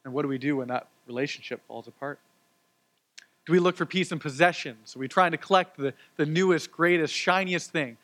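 A man's voice: a little high, a little fast, a bit bright. Earnest man preaching. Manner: earnest, conversational, with repeated words and fillers. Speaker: pastor. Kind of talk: sermon with personal testimony.

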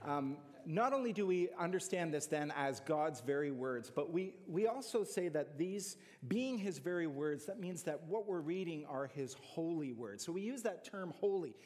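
A man's voice: fairly high pitch, a little mellow, long reverb tail. A man preaching an earnest, conversational sermon to his church, often asking his listeners questions. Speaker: pastor.

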